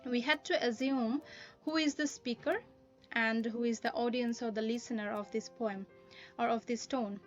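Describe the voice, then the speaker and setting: A woman lecturing on a poem in a careful, explanatory way, often pausing with "uh" as she works through her points. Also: fairly high pitch, fairly even intonation, muffled recording, faint music behind. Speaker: literature teacher. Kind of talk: recorded poetry lesson.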